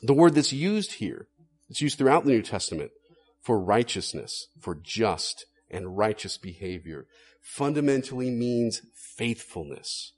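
A man delivers a sermon with a lively, rising and falling voice. He speaks earnestly, leaning on rhetorical questions and pressing hard on key words. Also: mid-range voice, a little slow. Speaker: preacher.

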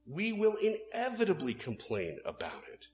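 Animated male preacher with a lively voice. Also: a little high, normal speed, soft background music. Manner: animated, swinging between loud emphasis and hushed asides. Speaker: pastor. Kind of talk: sermon.

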